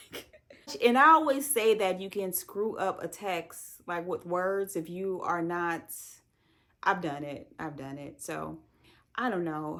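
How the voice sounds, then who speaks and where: Chatty female book reviewer, animated and outspoken, a touch low in pitch. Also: vocal fry. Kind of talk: casual spoken book review.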